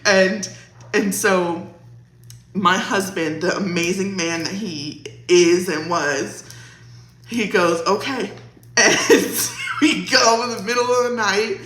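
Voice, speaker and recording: A woman's voice: mid-range voice, slow pace, a bit bright. A young woman vlogger casually telling a storytime, chatty and laughing, with lots of "like". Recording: roomy echo.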